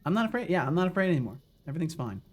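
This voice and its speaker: A man's voice: fairly high pitch, very animated, racing, slight background noise. A man live-streaming a video game, chatting casually with his viewers and swearing often. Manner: swears often, talks to chat while playing.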